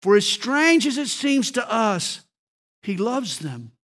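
A man voicing a stern senior male angel who speaks with a firm, measured rebuke. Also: very high-pitched, sing-song, fairly bright tone, exaggerated voice.

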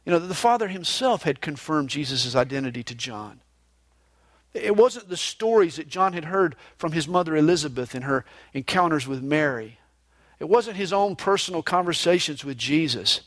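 A male pastor preaching a verse-by-verse sermon, earnest and expressive, moving between emphatic rises and hushed lows, with a conversational "you know" style. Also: moderate pace, no echo. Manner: conversational, with frequent "you know" fillers and restarts.

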